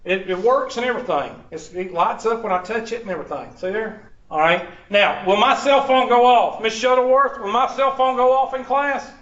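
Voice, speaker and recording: A high-voiced man speaks to his college math class on the first day, joking and folksy, calling on students by name. The sound is distant and muffled, with the echo of the classroom around him. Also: moderate pace, fairly bright tone.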